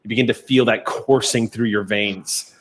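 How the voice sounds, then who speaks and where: A man running a tabletop game as game master, narrating scenes and explaining rules in a relaxed, descriptive way. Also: lowish voice, moderate pace.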